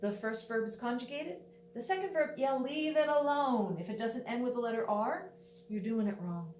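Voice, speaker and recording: Woman teacher, patient and dryly funny, slightly high voice, faint hum behind. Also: animated, normal speed, darkish tone. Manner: patient, explains step by step, wry asides. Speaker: Spanish teacher. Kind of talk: classroom video lesson. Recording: echoey room, voice from a distance.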